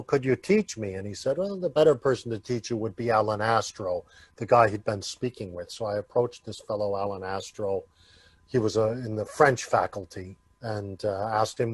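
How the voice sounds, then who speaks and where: Man, American, relaxed storytelling, halting with pauses, mid pitch, dry close sound. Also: no room sound. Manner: unhurried, full of "uh" pauses. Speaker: guest, Yiddish actor.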